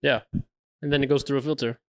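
A man's voice: mid-range voice, fairly even intonation, quick pace, no echo, studio quality. A man co-hosting a podcast, talking casually, blunt and opinionated, swearing freely. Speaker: podcast co-host. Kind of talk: casual chat.

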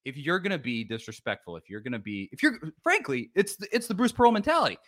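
A man on a sports podcast rants about rival fans, his bright voice jumping up and down in pitch. He talks with lively, teasing force and drops into mocking whiny imitations. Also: fast talker. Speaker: podcast co-host.

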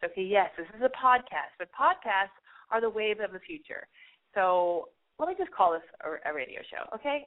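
Frantic, foul-mouthed woman podcast host. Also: medium pitch. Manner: fast, frantic, profane, self-mocking. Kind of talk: call-in advice podcast monologue. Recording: tinny phone-like sound.

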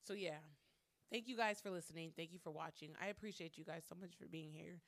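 Fast and creaky, with a fairly low pitch and a dry recording, a woman vlogs candidly to camera. She swears heavily, laughs between lines, and talks herself through her anger by repeating phrases.

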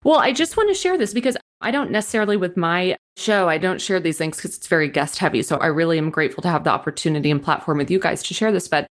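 A woman guest on a podcast, sharing a personal story in a halting, apologetic way while near tears. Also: fairly low pitch, expressive.

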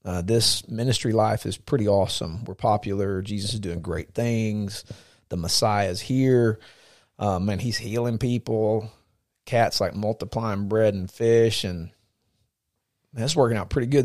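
A man hosts a faith podcast in a casual, earnest way, often restarting his words as he thinks. His voice sits fairly low and sounds dry and close. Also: expressive, moderate pace, darkish tone, no room sound. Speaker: podcast co-host. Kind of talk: casual chat about faith.

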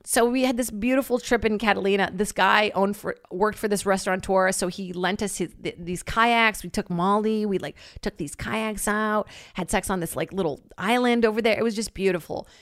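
A woman's voice: mid-range voice, moderate pace, few pauses, a bit bright, no room sound, studio quality. A young woman telling stories in casual chat, rambling with lots of "like" and laughing often.

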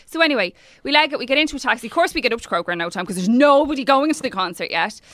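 High-voiced Irish woman telling a story. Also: rapid-fire, no echo. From Ireland. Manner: breathless, animated storytelling with quoted voices. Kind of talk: casual chat, telling an anecdote.

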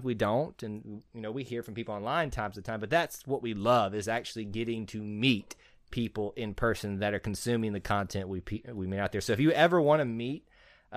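A man's voice: lowish voice, dry recording, studio quality. A man hosting a casual sports podcast, joking, rambling and laughing easily. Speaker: podcast host.

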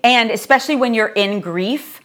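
A woman's voice: fairly high pitch, normal speed, a bit bright. A middle-aged woman, a yoga teacher, talking as a podcast guest in an earnest, reflective storytelling way. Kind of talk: podcast conversation.

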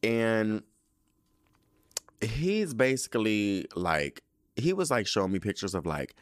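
A young podcast host tells a story in a casual monologue that's sassy, dramatic, slangy and full of swearing. His voice is fairly low and very animated, delivered at a slow pace. The recording is dry and studio quality.

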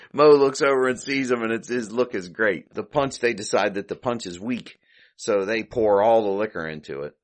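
A man's voice: fairly low pitch, animated, normal speed. A man hosting a podcast, casually recapping an old comedy short, chuckling and thinking aloud as he goes. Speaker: podcast host.

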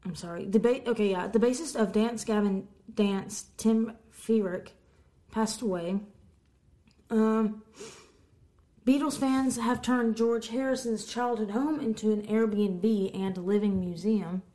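Woman podcast co-host, casual news roundup, trips on a word now and then, mid-pitched. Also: steady tone, mellow. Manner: reads headlines, stumbles on words, quick asides. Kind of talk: casual chat reading music news.

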